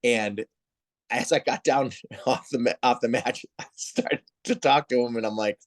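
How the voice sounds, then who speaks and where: A man's voice: medium pitch, moderate pace. A man who heads volleyball officiating, telling stories in a casual interview and acting out the people he quotes. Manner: animated storyteller, acts out quoted voices. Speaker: head of volleyball officials, guest.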